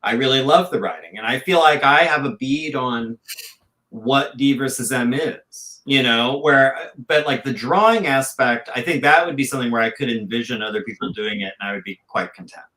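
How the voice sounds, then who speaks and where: A man talking as a podcast guest about his comic, rambling and excited, with many restarts. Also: medium pitch, moderate pace. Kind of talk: casual podcast chat.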